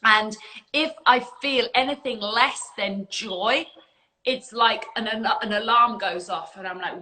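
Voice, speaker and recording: A woman leads a livestream spiritual talk in an earnest, emphatic way, with casual swearing thrown in. Her voice is bright and sits a little high. She speaks into a phone mic. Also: measured pace, poor audio. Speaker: spiritual coach and community leader.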